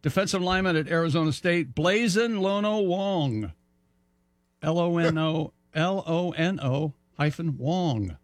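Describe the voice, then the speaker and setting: A man's voice: fairly high pitch, measured pace, no room sound. A man co-hosting a casual talk show, reading out names and spelling them out in an upbeat way. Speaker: co-host. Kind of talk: casual radio chat.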